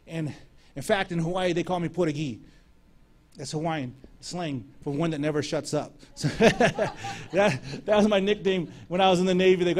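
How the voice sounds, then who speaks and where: A man's voice: high-pitched, normal speed. A middle-aged male preacher telling healing stories in a sermon, acting out the dialogue as he goes. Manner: animated storyteller acting out dialogue. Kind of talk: sermon testimony storytelling.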